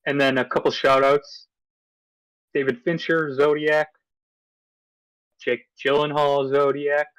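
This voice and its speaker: A man's voice: a little high, flat delivery, takes it slowly, long pauses, fairly bright tone, smooth, dry recording, poor audio. A man co-hosting a movie podcast in casual chat, easygoing, running through his picks from notes with fillers. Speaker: podcast co-host.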